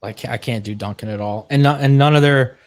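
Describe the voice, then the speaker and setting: Young male co-host, gripey and profane, mid pitch, dry close sound. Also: fairly quick, dry recording. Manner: grumbling, profane, complaining. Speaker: podcast co-host. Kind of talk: casual chat.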